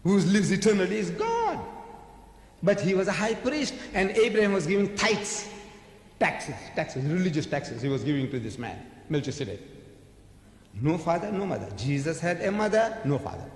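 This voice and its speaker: Fairly high-voiced man giving an emphatic, rhetorical sermon-style lecture, in a long echoing hall. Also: big pitch swings, normal speed. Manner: emphatic, rhetorical, asks and answers his own questions. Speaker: preacher lecturing an audience. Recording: echoey hall recording.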